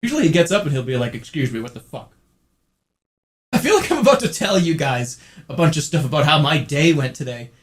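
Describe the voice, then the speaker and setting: Excitable man streaming live. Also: on the high side, quick pace. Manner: excitable, swings into loud incredulous outbursts. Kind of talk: casual live-stream chat.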